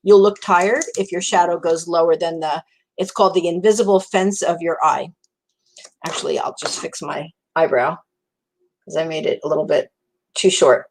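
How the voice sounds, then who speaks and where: A woman's voice: lowish voice, normal speed, rough recording. Chatty woman with a New Jersey accent. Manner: chatty and encouraging, repeats words for emphasis. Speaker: makeup demonstrator. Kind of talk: live makeup tutorial.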